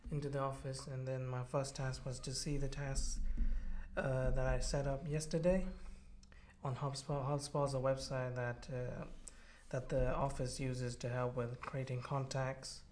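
A man new to sales, describing his daily tasks in a plain, slightly halting way. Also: mid-range voice, darkish tone. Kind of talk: describing his work day.

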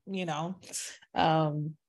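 A woman's voice: sits low, extremely slow, muffled recording. A woman giving a passionate faith testimony, calling out to her listeners and rambling through asides. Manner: preachy call-outs to listeners, animated and exclamatory; rambling with frequent fillers and asides. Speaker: Christian speaker sharing a testimony.

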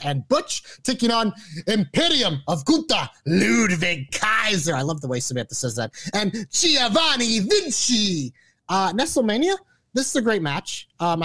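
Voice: mid-range voice, fairly bright tone, no echo. A podcast co-host going through a list of picks in casual chat, blunt, indecisive and swearing often.

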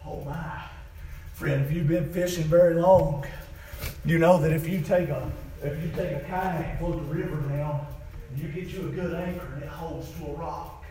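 A preacher, a man with a high voice, preaching in a church. He moves between low, hushed phrases and loud, ringing shouts. The sound is echoey. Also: steady tone, normal speed, far from the mic, slight background noise. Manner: rhythmic, swings from quiet to shouting. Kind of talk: sermon.

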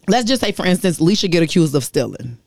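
A woman's voice: lowish voice, fast, gravelly, no echo. Blunt woman co-host in a dry room. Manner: blunt, profane, animated storytelling. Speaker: podcast co-host. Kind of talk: casual gossip chat.

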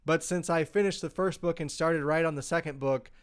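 A man's voice: a little high, fairly even intonation, brisk, clear, resonant tone. A man co-hosting a podcast, chatting casually and rambling with fillers about movies and books. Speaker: podcast co-host. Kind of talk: casual chat.

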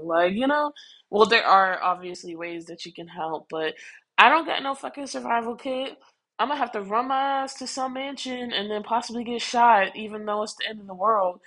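A young woman in her twenties talking casually to her viewers in a loose, animated ramble, swearing freely and calling them y'all, a little stuffy with the sniffles. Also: medium pitch, breathy edge, poor audio. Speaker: vlogger.

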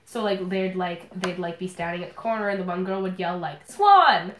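A woman's voice: lowish voice, little pitch movement, a little fast, background noise. Brief: young woman from Canada, chatty and rambling, filler-heavy, roomy echo. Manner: rambling, many fillers, laughs easily. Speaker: podcast panelist. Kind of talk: casual chat.

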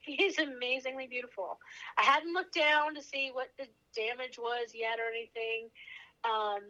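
Woman, 30s, podcast guest; bright, slightly high voice, animated storyteller; dull lo-fi audio. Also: normal speed. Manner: animated, laughing as she tells a story. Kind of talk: personal storytelling.

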